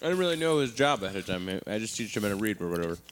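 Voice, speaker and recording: A man's voice: fairly low pitch, very animated, rapid-fire, long reverb tail, a little hiss or hum. A man co-hosting a podcast, talking in a dry, casual way, padded with "you know.". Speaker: podcast co-host. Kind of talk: casual comedic banter.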